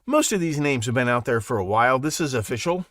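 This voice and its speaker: A man hosting a live podcast, talking in a rambling, animated monologue full of restarts and asides. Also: mid-range voice, fast, no echo, clean studio sound. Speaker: podcast host. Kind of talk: casual monologue on a live show.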